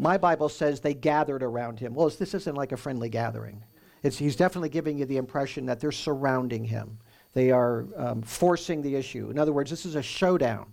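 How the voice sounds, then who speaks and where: A man pastor teaching through a Bible passage in a conversational, explanatory way, with animated emphasis. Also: medium pitch, vocal fry.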